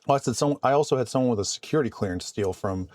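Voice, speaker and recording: A man vlogging casually about his work, calm and conversational with frequent restarts. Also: medium pitch, rapid-fire. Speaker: vlogger and IT support worker. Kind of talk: casual storytelling to camera.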